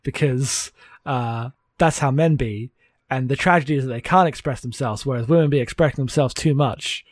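A man's voice: mid-range voice, normal speed, no room sound. A man co-hosting a podcast, recapping a book in a sardonic, laughing, rambling way on a close mic. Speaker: podcast co-host. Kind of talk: comedic book recap chat.

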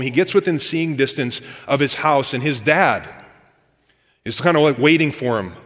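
A man preaches a sermon in a large hall, reading scripture and retelling it in a casual, storytelling way while calling his listeners "guys." His voice is mid-range and a bit bright.

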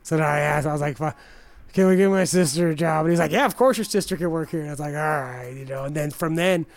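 A man's voice: a little high, fast, no echo. A young man telling rambling, profane stories in casual chat, full of restarts and fillers. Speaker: podcast guest telling stories.

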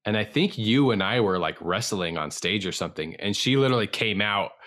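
A man's voice: lowish voice, expressive, a little fast, fairly bright tone. A man, an improviser co-hosting a podcast, talking earnestly and reflectively about improv. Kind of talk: casual chat reviewing an improv show.

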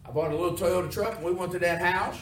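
Male preacher, folksy sermon, fairly high voice, echoey room, mic from far off, noisy background. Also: fast talker. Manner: folksy, asks the congregation questions. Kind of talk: sermon with call and response.

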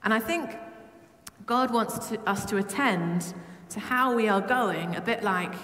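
A woman from Britain preaching a lively, humorous sermon to her church. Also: medium pitch, measured pace. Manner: humming song snippets. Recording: echoey church with long reverb.

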